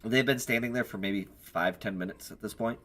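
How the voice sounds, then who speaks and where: A man's voice: lowish voice, brisk, fairly bright tone. Man narrating a tabletop game. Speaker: game master.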